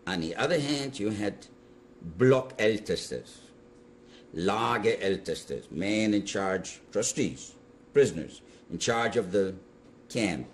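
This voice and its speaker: An older man, a Holocaust survivor, recounting his memories to an interviewer in emphatic, animated storytelling. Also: on the low side, takes it slowly, slight background noise. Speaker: Holocaust survivor giving testimony.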